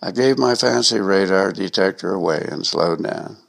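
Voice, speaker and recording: A man with a gravelly voice reading a personal anecdote aloud, in a wry, self-mocking way. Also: low-pitched, normal speed. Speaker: storyteller.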